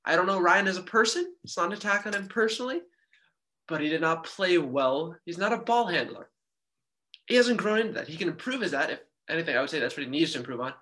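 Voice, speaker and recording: A man with a bright, fairly high voice recaps a game in a casual sports podcast. He talks like an excitable fan, with jokey asides and quick bursts of speed. He sounds close to the mic.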